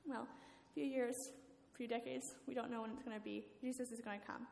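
A woman preaches in a relaxed, chatty way, leaning on filler words as she walks listeners through a story. Her slightly high voice has a gravelly edge. The long reverb of a church hall and faint room ambience surround her. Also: brisk. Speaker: guest speaker. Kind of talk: storytelling sermon.

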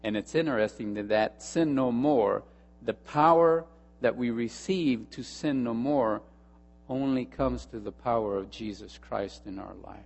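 A male pastor preaching a sermon, telling a story and moving between hushed asides and emphatic repeated phrases. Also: medium pitch, a little slow, creaky, long reverb tail.

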